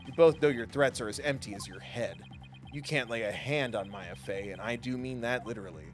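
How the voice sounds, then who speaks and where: A man's voice: medium pitch, fairly quick, faint music behind, lightly acted. A man voicing a smug, cocky male turncoat who taunts breezily.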